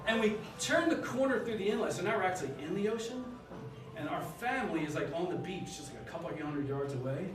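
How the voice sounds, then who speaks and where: A man in his sixties telling a self-deprecating story live at a story slam, in a relaxed conversational way. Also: high voice, fast. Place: live event hall with audience. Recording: echoey hall, distant mic, noisy.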